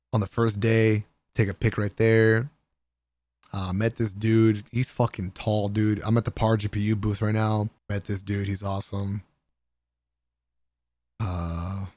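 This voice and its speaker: A man's voice: fairly low pitch, dry recording. Man telling a rowdy vlog story. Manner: excitable, profane, laughing, slangy. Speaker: gaming content creator.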